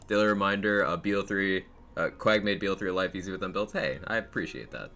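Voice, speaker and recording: A man's voice: low voice, normal speed, bright, forceful tone, soft background music. A man streaming a game live, chatting casually with his viewers, a little out of breath, laughing often as he greets them one after another. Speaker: game streamer reading chat.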